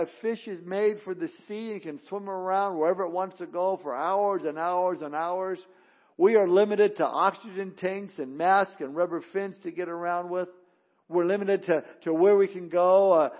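A man with a high voice preaches from the pulpit as a pastor, pressing his points with rising emphasis and stumbling restarts. The sound is dull and a little lo-fi. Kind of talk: sermon.

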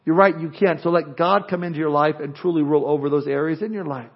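Animated preaching man, high voice. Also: fast, breathy edge, lo-fi sound. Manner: animated, acts out imagined speakers. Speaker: pastor. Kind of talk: sermon.

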